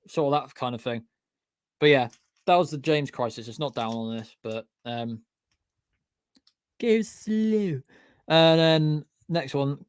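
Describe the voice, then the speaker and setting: A man's voice: medium pitch, darkish tone, dry recording, clean studio sound. A young man chatting on a livestream about his channel's history. He rambles, swears often and keeps stopping to say "what do you call it". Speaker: YouTube channel creator. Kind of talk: casual livestream chat.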